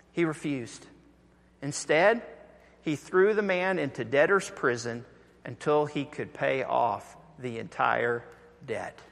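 A man preaching a sermon in a conversational, deliberate way, going soft for emphasis. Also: mid-range voice, in a large hall. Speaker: pastor.

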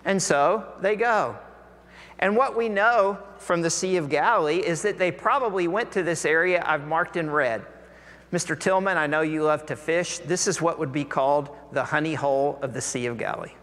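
A man preaching a sermon, telling a Bible story in an animated way and acting out the voices of its people. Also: a little high, normal speed. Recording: long hall reverb.

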